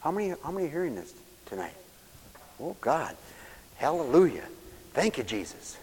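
Animated, emotional male preacher in a hall. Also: lowish voice, fairly quick. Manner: emotional, exclamatory, swings between hushed and loud. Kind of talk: sermon.

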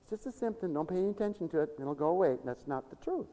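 Animated preacher man in a reverberant hall. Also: fast talker. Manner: animated preaching, swinging from loud declaiming to low murmurs, chuckling. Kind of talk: sermon.

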